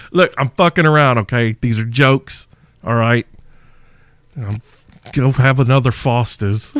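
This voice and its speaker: A man's voice: mid-range voice, measured pace, no room sound, clean studio sound. A man hosting a podcast, answering listener questions in a crude, brash, joking monologue. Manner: profane, brash, mock-seductive. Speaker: podcast host.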